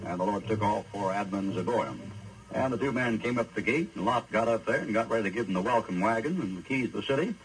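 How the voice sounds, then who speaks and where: A man's voice: on the low side, lively intonation, fast, music in the background, low-quality recording. A man preacher retelling a Bible story in a colloquial, folksy sermon style.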